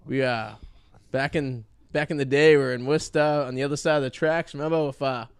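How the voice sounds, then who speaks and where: A man's voice: mid-range voice, steady tone, a little fast, clear, resonant tone, no room sound. A man in his thirties with a Boston accent, hosting a podcast and trading crude, joking banter in a studio. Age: 30s. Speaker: podcast host. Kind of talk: casual chat. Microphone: studio microphone.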